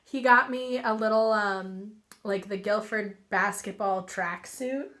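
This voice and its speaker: A young woman in her twenties, a podcast guest telling stories in a relaxed, giggly, somewhat hesitant way. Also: medium pitch, a little slow. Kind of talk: casual storytelling.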